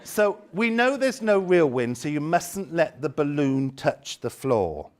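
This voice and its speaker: A man leading a lively workshop demonstration, theatrical and teasing as he directs volunteers. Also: fairly high pitch, measured pace. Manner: theatrical, playful, teasing volunteers with exaggerated delight. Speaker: education trainer leading a seminar.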